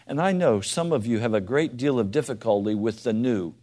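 In a fairly quick, medium-pitched voice, a man preaches, asking his listeners questions directly. He shifts back and forth from soft, quiet asides to loud, emphatic appeals.

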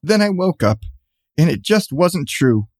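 High gravelly man reading rhymes. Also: very animated, a little slow, no room sound. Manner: bouncy rhyming read-aloud cadence. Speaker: storyteller. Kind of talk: reading a rhyming storybook aloud.

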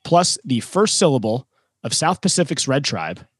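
A man's voice: mid-range voice, sing-song, normal speed, fairly bright tone, slightly rough, dry recording, studio quality. A man co-hosting a podcast, talking casually with many fillers and restarts while running a trivia game. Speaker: co-host running a trivia segment.

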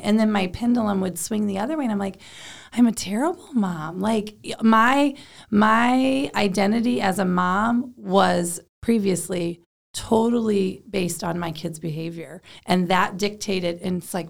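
Mom talking parenting, super gravelly fry voice, chatty, says like a lot. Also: female voice, mid-range voice. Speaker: co-host, parent. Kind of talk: casual faith talk.

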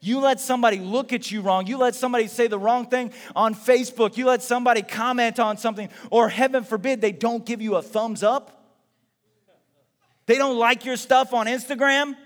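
Middle-aged guy preaching a sermon, pretty high voice, lots of rhetorical questions, echoey church sound. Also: steady tone, a little fast. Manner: conversational preaching with rhetorical questions and acted-out quotes. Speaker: pastor. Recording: long hall reverb.

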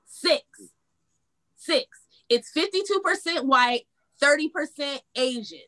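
A high, bright-toned woman, talking politics in a blunt, cussing rant. She heats up fast and then talks herself back down. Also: expressive. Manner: blunt, heated, profane, rants then reins herself in. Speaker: reaction show host. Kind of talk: casual political commentary.

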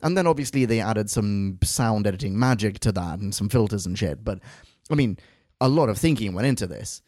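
A man's voice: lowish voice, animated, a little fast, a little mellow, dry recording, studio quality. A man co-hosting a casual review podcast, rambling through anecdotes, swearing and laughing often. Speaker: podcast co-host. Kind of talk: casual chat reviewing an audio drama.

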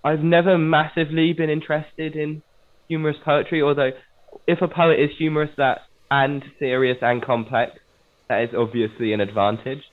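A man from England co-hosting a casual talk about poetry. He speaks in a measured, hedging way and thinks aloud as he explains. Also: a little high, flat delivery. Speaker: podcast co-host. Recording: tinny phone-like line.

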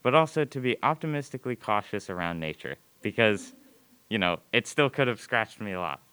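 A teenage boy tells a personal story to a live crowd, his voice bright and crisp. He hesitates often and pokes fun at himself, leaning on "like" and "you know". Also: lowish voice, animated, a little fast. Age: teens. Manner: hesitant, filler-heavy, self-mocking. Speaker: student storyteller.

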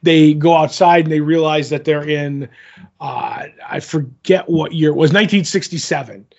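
Rambling man, slightly high voice, lo-fi. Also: moderate pace, vocal fry, a little mellow. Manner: rambling, filler-heavy retelling. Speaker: podcast co-host. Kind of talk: casual episode recap.

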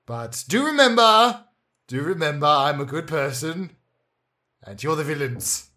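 A man's voice: a little high, animated, a little slow, bright, forceful tone. A man playing a self-righteous comedy podcast host in playful banter.

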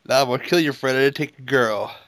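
A man's voice: mid-range voice, fast, a bit bright, no room sound, rough recording. Crude, joking man on a dry mic. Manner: joking, crude running commentary. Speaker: podcast co-host. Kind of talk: casual movie commentary.

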